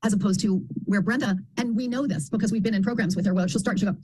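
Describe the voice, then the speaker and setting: Woman member on a video call, very fast and husky, animated storyteller. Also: mid-range voice. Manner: animated storyteller, acts out quoted voices. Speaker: program member. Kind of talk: casual group video call.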